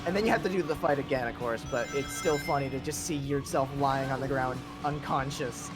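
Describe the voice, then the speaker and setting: A man's voice: medium pitch, fairly quick, over loud music. A man chatting casually and rambling as he streams a racing game, laughing often. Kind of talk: casual gaming chat.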